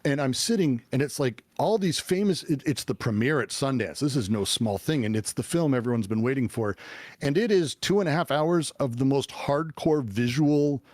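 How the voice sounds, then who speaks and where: A middle-aged man telling his life story as an interview guest, animated and swearing, with many fillers and restarts. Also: mid-range voice, moderate pace, no room sound. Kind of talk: casual storytelling.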